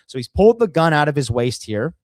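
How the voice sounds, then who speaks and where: A man's voice: a little high, big pitch swings, fast talker, no room sound. Give me a brash, profane man co-hosting a podcast with a dry close sound. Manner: profane, brash, walks through video. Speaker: podcast co-host. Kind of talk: casual podcast discussion.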